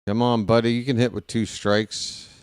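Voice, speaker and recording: A man's voice: medium pitch, flat delivery, moderate pace, darkish tone, clear, resonant tone, no room sound, studio quality. A man calling a baseball game live as a fan play-by-play host, rooting openly for his team in a chatty way. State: hiccups.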